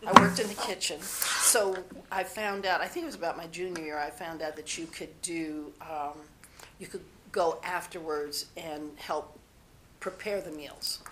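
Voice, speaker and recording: A woman's voice: low voice, steady tone, a little slow, a bit bright, a little hiss or hum. A woman being interviewed, telling personal stories in a rambling, candid way and often restarting her sentences. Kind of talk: personal storytelling.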